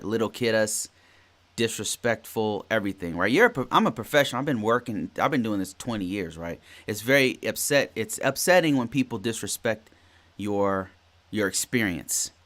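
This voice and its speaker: In a lowish, animated voice with a fairly bright tone, a man in his forties talks at normal speed on his solo podcast. He recounts a work story casually and ramblingly, repeating and restarting phrases along the way.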